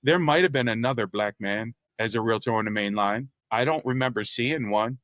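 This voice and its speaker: A man's voice: medium pitch, brisk, no echo. A man from the Philadelphia area, an artist and developer, telling stories candidly and acting out the voices of the people in them. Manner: animated storyteller who acts out quoted voices; candid, uses mild profanity. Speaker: guest, artist and real estate developer. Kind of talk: storytelling in a conversation.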